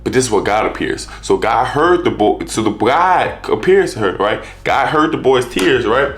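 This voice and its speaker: A man's voice: mid-range voice, expressive, moderate pace, fairly bright tone. A man preaching in a loose, conversational way, often restarting his sentences and tagging them with "right?" and "you know". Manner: restarts and rephrases often, street-casual wording. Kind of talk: casual conversational sermon.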